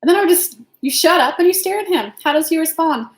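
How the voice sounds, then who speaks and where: A woman's voice: very high voice, expressive, fast, echoey room, poor audio. A woman hosting a live stream as an intuitive reader, giving frank, casual advice and answering viewers' questions by name, swearing now and then.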